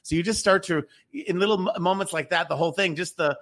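A man's voice: sits high, fast talker, fairly bright tone. Rambling man recounting a program. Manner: rambling, many restarts and fillers. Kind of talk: casual chat.

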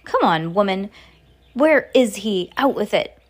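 A woman voicing a blustering, indignant English father who shouts and stammers. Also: medium pitch, expressive, a little slow.

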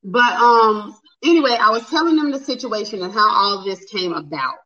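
A woman's voice: mid-range voice, lively intonation, moderate pace, pushed and bright, lo-fi sound. A woman hosting a casual livestream, flustered and chatty, talking straight to her viewers. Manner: flustered, talks to viewers as "y'all". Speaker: livestream host. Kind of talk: casual live chat.

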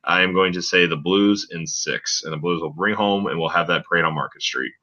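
A man's voice: sits low, brisk, sharp tone, muffled recording. A man co-hosting a casual sports podcast, chatting loosely with lots of fillers. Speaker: podcast co-host.

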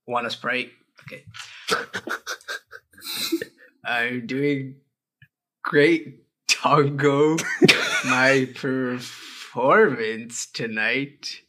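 A man voicing a goofy male talent show contestant who begs for votes, reading slowly and breaking into laughs. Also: medium pitch, fairly bright tone, a little hiss or hum, poor audio.

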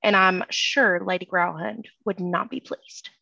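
A woman playing a cool, deadpan bard. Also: lowish voice, measured pace, gravelly, no room sound, lo-fi sound, exaggerated voice. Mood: smug.

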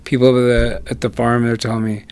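A man's voice: medium pitch, quick pace. A man telling wild stories in a casual chat, swearing and laughing often. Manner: profane, laughing often, animated. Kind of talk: casual storytelling.

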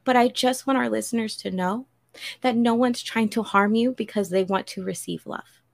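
Woman, podcast regular, earnest, preacherly, gravelly fry. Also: a little high, normal speed. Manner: earnest, preacherly, quotes scripture. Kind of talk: heartfelt spiritual appeal.

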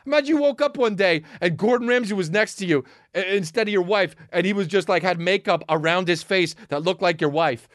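A man telling a comedic story in an excitable, profane rant that is heavy on "dude". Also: sits high, fairly quick, few pauses, dry recording, studio quality.

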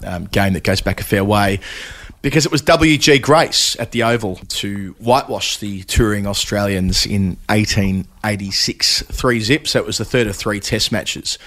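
A man with a lowish voice hosts a casual podcast chat. He reads out stats and stories with light humour, at an easy conversational pace. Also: fairly bright tone. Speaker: podcast host.

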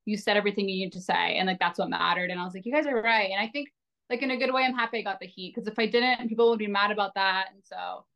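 A woman's voice: medium pitch, fairly even intonation, fast talker, creaky, fairly bright tone. A woman in her twenties, a podcast guest in casual chat, rambling with lots of "like" fillers and poking fun at herself. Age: 20s. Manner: rambling, heavy on filler "like", self-deprecating.

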